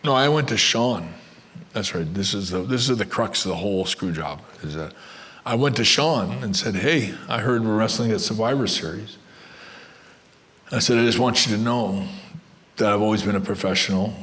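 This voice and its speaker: A man's voice: on the low side, steady tone, normal speed, fairly bright tone. An older man telling blunt, rambling stories to a live crowd of fans, with restarts and asides. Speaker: guest wrestler telling stories. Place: event room with a live crowd.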